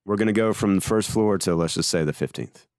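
Low-voiced playful male podcast host. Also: fairly quick, darkish tone, dry recording. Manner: playful, role-plays a studio mogul. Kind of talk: casual chat about films.

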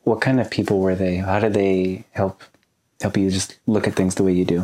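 A woman's voice: extremely low pitch, level tone, moderate pace, warm tone. A woman interviewer asking brief questions and giving short responses in a casual conversation.

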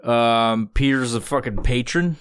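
A man hosting a podcast talks in a loose, joking way, dropping curse words into nearly every line and breaking into laughs. His voice sits at a middle pitch. The sound is close and dry, with no room reflections. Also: a little slow, clean tone, dry recording. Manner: swears constantly, laughs often, joking. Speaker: podcast host. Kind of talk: casual profane chat.

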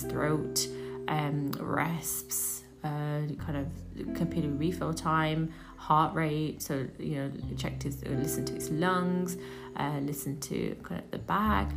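A young woman, hosting a podcast and retelling a work story in a chatty, animated way with many fillers. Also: fairly low pitch. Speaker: podcast host, doctor in general practice. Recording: guitar music playing under the voice.

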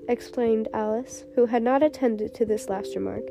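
A woman narrating a storybook in a measured, clear reading. Her voice is fairly high, and steady music plays behind it. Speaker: audiobook narrator. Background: background music.

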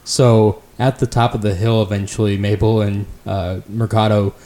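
A man narrating as game master in a tabletop game, relaxed and hesitant. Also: fairly low pitch, moderate pace.

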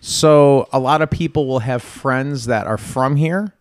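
A man's voice: medium pitch, unhurried, no room sound, clean studio sound. A man from Central New York hosting a casual talk show, rambling and searching for words between laughs. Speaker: host. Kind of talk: casual chat.

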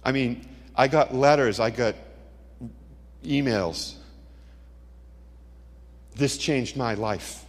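A man's voice: mid-range voice, extremely slow, long pauses. A middle-aged man giving a dramatic testimony sermon, telling stories with punchy asides. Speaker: Christian speaker. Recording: long hall reverb.

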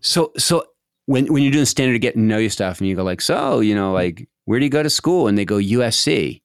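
A man's voice: on the low side, a little fast, clear, resonant tone, no echo, clean studio sound. A middle-aged man giving casual advice on a podcast, acting out short example conversations with many restarts. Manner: animated, acts out example dialogues, frequent restarts.

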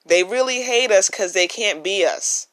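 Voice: mid-range voice, animated, unhurried, a bit bright. A podcast host talking earnestly and emphatically in a casual solo monologue, recorded on a phone with no microphone. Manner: earnest and emphatic, repeats key phrases.

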